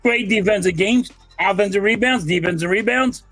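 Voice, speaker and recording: High-voiced man, emphatic sports talk. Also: moderate pace, a bit bright, no echo, soft background music. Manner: emphatic, insistent predictions. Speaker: co-host. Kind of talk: casual sports debate.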